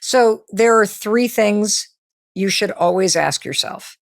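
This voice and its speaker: A woman's voice: mid-range voice, takes it slowly. A woman hosting an interview, chatting casually and laughing easily. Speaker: podcast host. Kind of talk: interview conversation.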